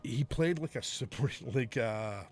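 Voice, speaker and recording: A man's voice: mid-range voice, a little slow, soft background music. A man, a podcast co-host and former wrestler, telling stories in casual chat, swearing often and laughing as he talks. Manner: profane, laughing, animated storyteller.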